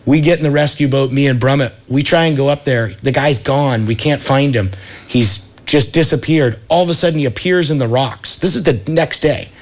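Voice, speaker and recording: A man in his thirties from Santa Cruz, California, who founded a wetsuit company, tells a story as a guest on a radio talk show. He talks in a laid-back surfer way, peppered with "dude" and "like," in a mid-range voice at a normal speed.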